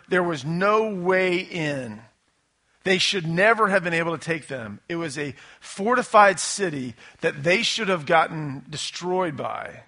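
A man preaching a sermon in a conversational, animated way, with sudden bursts of loud emphasis. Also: a little high. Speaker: pastor.

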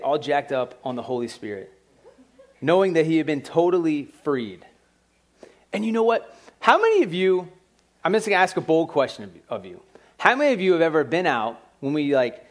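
Animated man preaching a casual sermon. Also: fairly high pitch. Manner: casual and animated, with lots of "like" and asides to the congregation. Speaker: pastor. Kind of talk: conversational sermon.

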